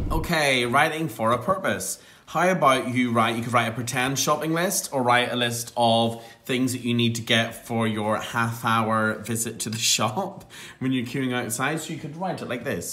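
A man teaching a phonics lesson to young children, encouraging them and sounding out words clearly. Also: medium pitch, bright, forceful tone.

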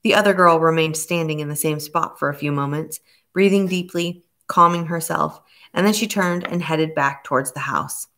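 Low-voiced woman reading a novel. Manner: steady, measured reading. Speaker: audiobook narrator. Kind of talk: scripted narration.

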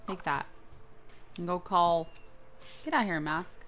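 A young woman hosting a gaming channel, giving excitable, playful let's-play commentary with frequent squeals and giggles. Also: on the low side, unhurried, faint music behind.

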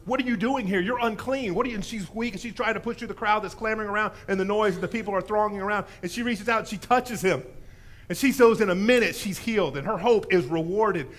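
A man preaching a sermon in a church, telling a story with lively animation and acting out the voices in it. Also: high voice. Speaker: pastor.

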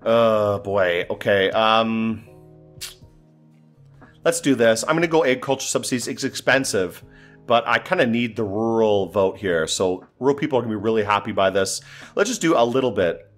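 A man's voice: on the low side, expressive, normal speed, soft background music. A man giving casual, exasperated gameplay commentary, talking to himself and swearing as things go wrong. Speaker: gaming commentator.

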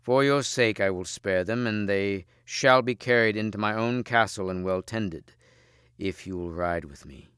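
A man voicing a treacherous villainous knight in a storybook reading, speaking slowly and deliberately. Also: on the low side, a bit bright, smooth, no echo, studio quality. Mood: cold.

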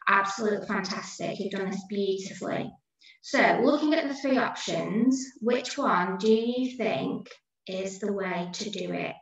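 A woman's voice: mid-range voice, measured pace, creaky. A woman teacher giving a recorded lesson to young pupils, patient and encouraging as she explains each answer step by step. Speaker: primary school teacher. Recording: distant, echoey, dull home video recording.

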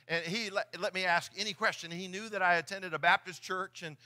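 A man's voice: high voice, steady tone, brisk, bright, forceful tone. A middle-aged man preaching a sermon in church, earnest and often repeating his words as he talks. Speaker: pastor. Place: church sanctuary.

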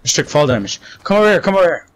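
A man's voice: fairly high pitch, sing-song, racing. A young man playing a shooter game, giving urgent, bossy callouts and shushing his teammates. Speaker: gamer. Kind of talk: live gameplay callouts.

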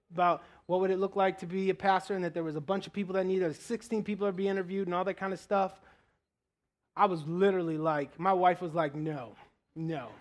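A man preaching in a church, telling his story with animated swings from loud to low and quiet prayer. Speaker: guest preacher. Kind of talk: sermon testimony. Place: church sanctuary.

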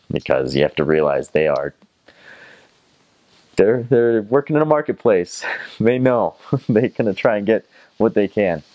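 A young man from North Carolina with a Southern American accent, telling stories in a casual, rambling way with many fillers and restarts. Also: very deep voice. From North Carolina, USA. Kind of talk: casual storytelling.

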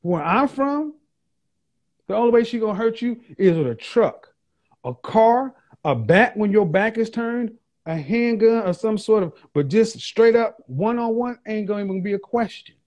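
A man's voice: high-pitched, expressive, moderate pace, a little mellow. A man hosting a livestream, reading viewer comments aloud and mocking them with sarcastic, repeated punchlines. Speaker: livestream host.

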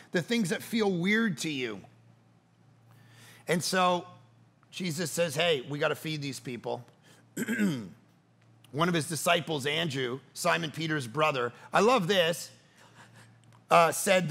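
A middle-aged man preaching a sermon as pastor, telling stories with animated swings between loud bursts and hushed, quiet passages. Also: on the high side.

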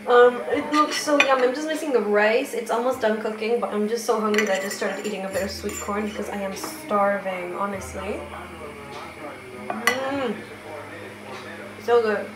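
A young woman in her twenties talking casually to camera in a vlog, chatty and excitable, full of fillers and little laughs, filmed on a phone in an empty flat with an echo. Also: medium pitch, moderate pace. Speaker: vlogger. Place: empty echoey flat indoors.

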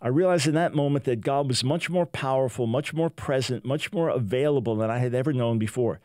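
A man's voice: medium pitch, a little fast, darkish tone, dry recording, clean studio sound. An older American man hosting a Christian talk show, preaching fervently and reading a testimony aloud with emphasis. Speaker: radio show host.

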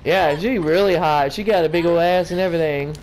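A man's voice: a little high, fairly quick, darkish tone, a little hiss or hum, rough recording. Drunk man taunting through gameplay. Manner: taunting, rambling, talks to the game. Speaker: gamer streaming his play. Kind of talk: casual gameplay commentary.

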